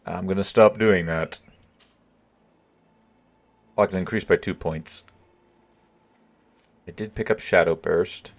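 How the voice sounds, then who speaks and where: A man's voice: deep voice, steady tone, slow pace, vocal fry, pauses often. Laid-back man narrating gameplay. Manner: laid-back, chuckling, talking to viewers. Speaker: let's play gamer. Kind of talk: casual gameplay commentary.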